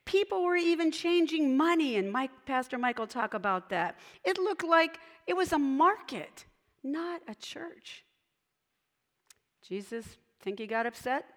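A woman's voice: high-pitched, lively intonation, unhurried. Woman giving a children's sermon in a reverberant hall. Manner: gentle questioning, addressing children directly.

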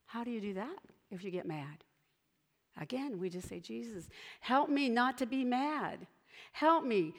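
A woman leading a children's sermon, gently asking the children questions and talking to them directly. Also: on the high side. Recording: long hall reverb.

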